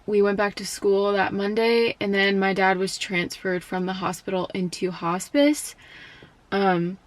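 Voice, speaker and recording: A young woman talks straight to the camera in a personal vlog. Her voice is soft and often falters, and she is close to tears. She speaks in a mid-range pitch and leans on filler words as she goes. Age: young adult. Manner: soft, tearful, halting with many fillers. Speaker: college student.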